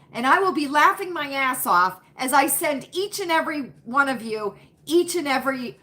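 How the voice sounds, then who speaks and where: A woman's voice: high-pitched, lively intonation, normal speed, pushed and bright. A woman hosting a live stream, chatting folksily with viewers and answering their comments by name. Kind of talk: casual chat with live viewers.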